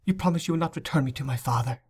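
A man's voice: a little high, rapid-fire, husky, pitched above the performer's own voice. Man voicing a frightened tearful young girl. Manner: pleading, tearful. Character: frightened desperate young girl, abused bride.

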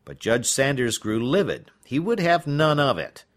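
A man narrating a novel as an audiobook in an expressive storytelling manner. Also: mid-range voice, normal speed.

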